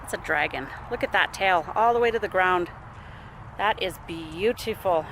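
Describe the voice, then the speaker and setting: Breathless mom filming a trail walk. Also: female voice, lowish voice, moderate pace, a bit bright, a little hiss or hum, poor audio. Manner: chatty, laughing often, cooing at her toddler. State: out of breath from walking. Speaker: vlogger mom. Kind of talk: casual family vlog narration. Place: outdoor nature trail.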